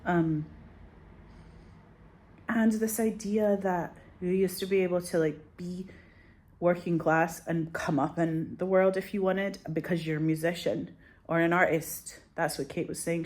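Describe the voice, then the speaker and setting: Anxious rambling woman, low voice. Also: darkish tone. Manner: rambling, swears often, anxious and candid. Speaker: vlogger. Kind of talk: casual chat to camera.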